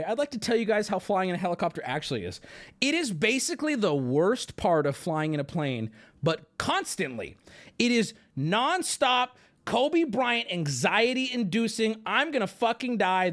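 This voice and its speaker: A young man hosting a livestream, rambling through stories in a casual, profane way. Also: sits high. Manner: rambling, profane, animated storytelling. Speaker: streamer host.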